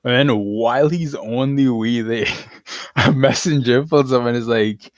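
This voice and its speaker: A man's voice: mid-range voice, unhurried, dry recording. A man casually retelling stories on a podcast, irreverent and slangy, laughing as he goes. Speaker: podcast co-host. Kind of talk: casual chat.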